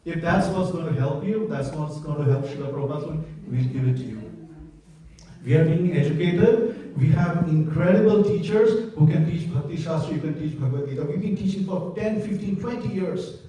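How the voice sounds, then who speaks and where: An earnest man pleads with a crowd from a conference stage, his voice mellow and a touch higher than most men's. He is heard from well back in a big hall, with plenty of echo. He sounds openly emotional. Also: a little fast. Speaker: conference presenter for a devotional community. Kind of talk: impassioned conference presentation. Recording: echoey hall, voice far from mic.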